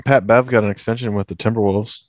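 A man co-hosting a casual basketball podcast, giving news in a measured, analytical way. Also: lowish voice, steady tone, no echo. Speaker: podcast co-host, news segment.

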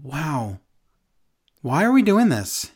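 A woman's voice: low-pitched, big pitch swings, slow, a little mellow, husky. A woman co-hosting a casual wrestling recap, sarcastic and exasperated, mocking what she describes. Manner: sarcastic, exasperated, mocks quotes in silly voices. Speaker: wrestling podcast co-host.

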